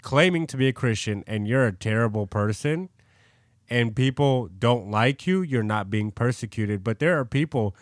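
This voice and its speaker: A man's voice: mid-range voice, animated, normal speed, no room sound, clean studio sound. A man co-hosting a faith podcast, talking loosely and casually with lots of "like" fillers. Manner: loose and conversational, many "like" fillers. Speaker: podcast co-host. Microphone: studio podcast mic.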